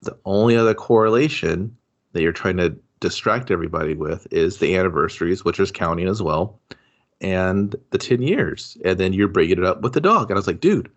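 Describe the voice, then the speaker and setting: Deep-voiced man critiquing a movie. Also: a little fast, lo-fi sound. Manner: critical, argues points about the plot. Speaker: podcast co-host. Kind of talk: casual movie review chat.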